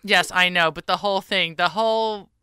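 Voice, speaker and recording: A woman hosting a live radio talk show, chatting and joking playfully with quick asides and frequent laughter. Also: fairly low pitch, steady tone, pushed and bright, smooth, dry recording.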